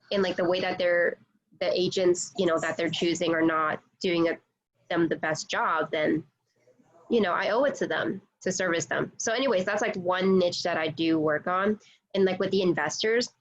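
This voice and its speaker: A woman's voice: lowish voice, highs cut off. A woman working as a real estate agent, chatting casually on a video call, full of "like" and "you know".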